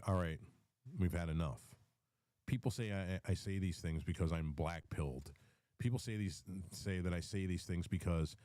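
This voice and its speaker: A man's voice: sits low, warm tone, no echo. A man hosting a live audio space, giving a rambling political commentary rant full of ums, repeated words and restarts, and fighting the hiccups. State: has the hiccups.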